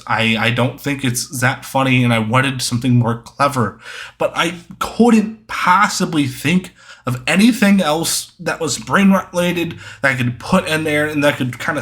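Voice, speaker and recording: A man's voice: mid-range voice, a bit bright. A young man answering viewer questions in a casual, rambling monologue, full of ums and self-corrections.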